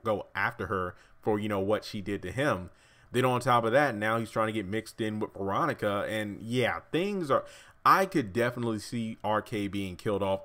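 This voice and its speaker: Rambling man with a lowish voice. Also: fairly bright tone. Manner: rambling, self-correcting, wry asides. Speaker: YouTube TV commentator. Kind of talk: casual fan theory commentary.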